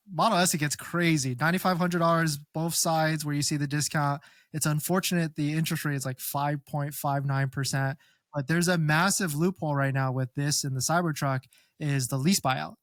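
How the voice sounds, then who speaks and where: Man, expert guest, quick animated explainer, slightly high voice, very dry close sound. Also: no room sound. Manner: animated, quick explainer who acts out customers. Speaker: Tesla buying expert guest. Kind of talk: casual conversational advice.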